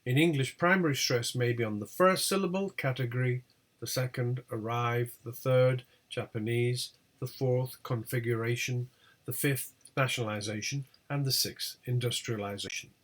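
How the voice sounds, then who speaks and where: A man teaching a recorded pronunciation lesson, reading out example words one by one with clear, deliberate delivery. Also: medium pitch, a bit bright. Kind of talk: recorded lecture over slides.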